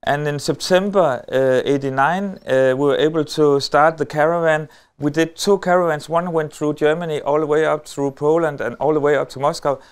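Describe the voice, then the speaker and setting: Halting Danish man telling a story on stage. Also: a little high, fairly even intonation, smooth. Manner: halting, many filler sounds, wry humor. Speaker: lecturer. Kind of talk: storytelling conference talk. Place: on a stage before an audience.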